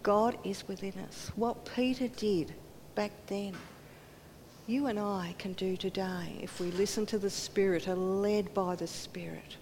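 Steady in tone, measured in pace and a little mellow, a woman preacher delivers a sermon with earnest feeling. She takes on quoted voices and drifts into near whispers, while hall reverb and a faint rumble color the recording.

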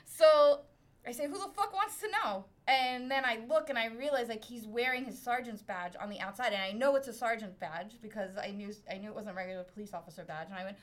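She's a middle-aged podcast guest from Brooklyn, New York, recounting a story in a relaxed chat. A fast talker with a high-leaning voice, she laughs a lot and is lively and self-mocking.

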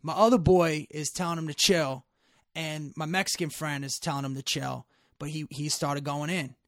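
A middle-aged man telling a story in casual chat, animated and profane, getting loud when worked up. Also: fairly high pitch, moderate pace, dry recording, studio quality.

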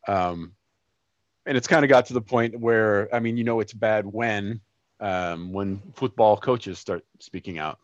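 A man co-hosting a soccer podcast, talking in a halting, somber way with many restarts. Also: on the low side, no room sound, muffled recording. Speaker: podcast co-host. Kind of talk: casual chat.

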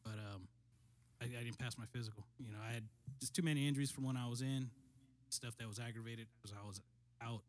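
A middle-aged man and military veteran telling a story in casual conversation, steady and matter-of-fact, often clearing his throat. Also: mid-range voice, quick pace.

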